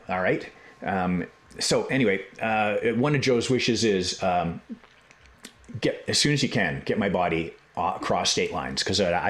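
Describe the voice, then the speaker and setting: A man hosting a podcast, telling a history story in a casual, animated way with profane jokes and digressions. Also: deep voice. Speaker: podcast host.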